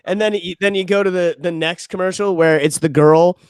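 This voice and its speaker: A man's voice: sits high, a little fast, clean tone, no room sound, studio quality. A man co-hosting a podcast, chatting casually, swearing freely and laughing as he retells funny videos. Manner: profane, laughing, animated retelling with quoted voices. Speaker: podcast co-host.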